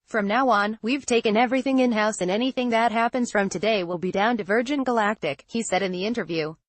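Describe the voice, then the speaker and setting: Measured woman reading the news. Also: a little high, no room sound. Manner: even, measured read-through of an article, quotes in the same voice. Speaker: news reader. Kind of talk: scripted news narration.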